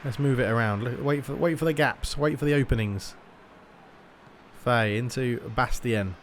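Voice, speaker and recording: A man's voice: medium pitch, normal speed, slight background noise. A young man giving casual gameplay commentary, thinking aloud and slipping into mock match commentary. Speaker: gaming YouTuber.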